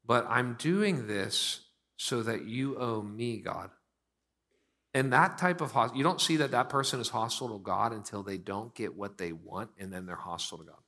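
A man in his thirties from Pittsburgh preaching a sermon as pastor, moving between loud, emphatic bursts and slow, quiet lines. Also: on the low side.

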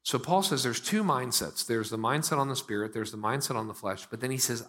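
A man in his thirties from Pittsburgh preaching a sermon as pastor, moving between loud, emphatic bursts and slow, quiet lines. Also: medium pitch.

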